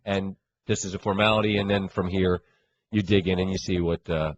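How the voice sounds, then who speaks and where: A man's voice: low-pitched, steady tone, a little fast, dull audio, a little hiss or hum. Wry, chatty male sports radio host. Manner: wry, chatty, rambling with restarts. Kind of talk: casual sports talk.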